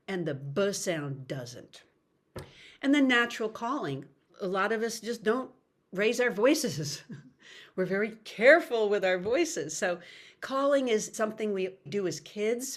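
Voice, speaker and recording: A middle-aged woman voice coach giving an upbeat, explanatory online workshop lecture over a video call. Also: mid-range voice. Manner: upbeat, explanatory, breaks into sung demonstrations.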